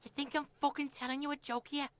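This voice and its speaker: A woman's voice: high-pitched, level tone, quick pace, a bit bright, no room sound. Brash foul-mouthed street boy. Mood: menacing. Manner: brash, swaggering, talks about himself in third person. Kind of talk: video game voice acting.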